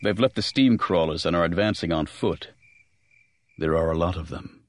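A man giving measured, grave first-person audiobook narration. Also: sits low.

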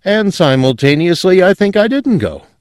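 A husky, shaking man pleads in a high, strained voice, swinging wildly up and down as panic over his own memory grips him, as a male narrator puts him on. The sound is close and dry, like a spoken-word storybook. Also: big pitch swings, normal speed, darkish tone, no echo. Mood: anguished. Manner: desperate, pleading.

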